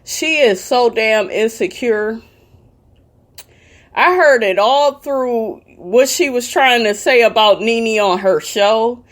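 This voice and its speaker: A woman's voice: a little high, slow pace. A woman giving a heated, profane commentary rant, sassy and blunt, cursing freely. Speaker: commentary vlogger.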